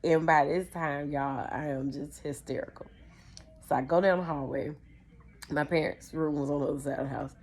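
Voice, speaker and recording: A young woman, hosting a podcast and telling a childhood story in a casual, animated way, often calling her listeners "y'all". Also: sits low, normal speed. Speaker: podcast host.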